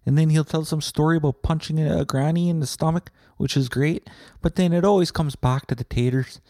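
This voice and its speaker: A giddy male podcast fan, as a man puts him on, exclaiming in a voice pitched well above his own and pushed louder. He gushes and hypes the show with eager praise, dry and close to the mic. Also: fairly even intonation, a little fast, no echo, close to an everyday voice. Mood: gushing. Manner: gushing, exclaiming.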